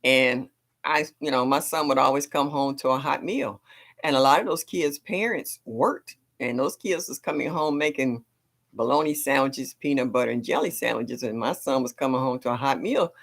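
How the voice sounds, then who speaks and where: A middle-aged woman hosting a casual gardening livestream, chatting back to viewers in an animated way and laughing often. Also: rumbling low, moderate pace.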